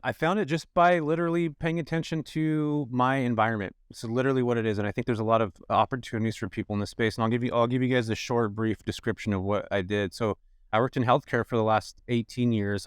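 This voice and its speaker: A man's voice: clean tone, dry recording, clean studio sound. A middle-aged man from California, a podcast guest telling his story casually and acting out the people he quotes. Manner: animated, acts out quoted people with raised pitch. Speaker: podcast guest, rental business owner.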